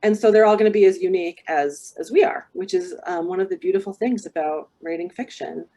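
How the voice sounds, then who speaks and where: A woman's voice: lowish voice, a little fast, dark tone. A woman book coach giving casual advice, thoughtful and talking with many ums and restarts.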